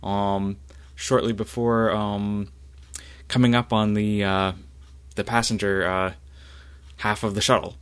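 A man narrating a tabletop game as game master, halting and full of fillers. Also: lowish voice, little pitch movement, clear, resonant tone.

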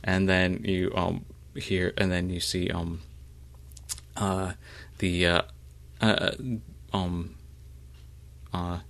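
A man narrating a tabletop role-playing game as game master, halting, with frequent fillers. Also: low-pitched, completely flat delivery, a bit bright.

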